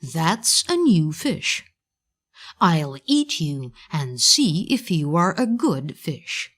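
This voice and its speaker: A woman's voice: deep voice, very animated, takes it slowly, a bit bright, heavily acted. A woman reading as a greedy old fisherman. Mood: gloating. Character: greedy green old fisherman, gruff and hungry. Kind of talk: storybook reading for learners.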